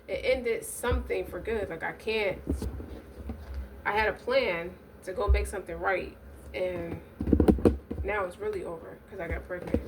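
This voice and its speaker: A woman's voice: mid-range voice, normal speed, far from the mic. Blunt, cussing woman reading tarot. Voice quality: blunt, profane, streetwise talk. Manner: rambling, frequent restarts and asides. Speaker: tarot reader. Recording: noisy recording, voice set back from mic.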